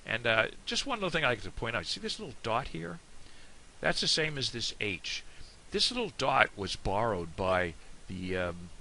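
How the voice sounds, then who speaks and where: A man's voice: mid-range voice, sing-song, moderate pace, vocal fry, pushed and bright, a little hiss or hum. A man with an American accent giving a casual, digressive video lesson. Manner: chatty, digressive. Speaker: Irish language teacher.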